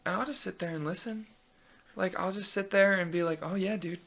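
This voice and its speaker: Brief: young male host, twenties, gravelly fry, bright tone, chatty and filler-heavy. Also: sits high, a little fast, a little hiss or hum. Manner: chatty, many fillers and restarts, animated storytelling. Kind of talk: casual rambling chat.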